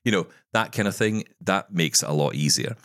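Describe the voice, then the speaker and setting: A man's voice: deep voice, expressive, a little fast, a bit bright, no room sound, studio quality. A man co-hosting a podcast, chatting casually and telling stories with jokey asides. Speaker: podcast co-host. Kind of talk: casual chat.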